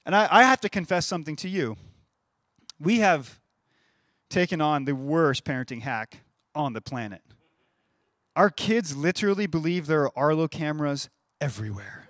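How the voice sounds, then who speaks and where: A pastor in his thirties delivers a sermon in a conversational, animated way. His voice sits fairly high for a man. The sound is dry and close, with no room echo. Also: moderate pace, pauses often. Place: church stage.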